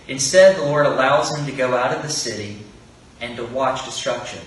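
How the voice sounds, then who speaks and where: A man's voice: mid-range voice, expressive, moderate pace, pauses often. A man preaching an earnest sermon, asking rhetorical questions and acting out quoted speech. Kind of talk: expository sermon. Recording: very echoey room, voice from far off, faint background noise.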